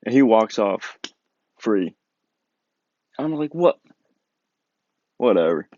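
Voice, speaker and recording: Young man, low voice, casual storytelling vlogger, chatty filler-heavy delivery, dry lo-fi sound. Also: slow pace, no room sound. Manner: animated, filler-heavy, lots of "like". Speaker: vlogger telling a personal story. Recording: dull lo-fi dry recording.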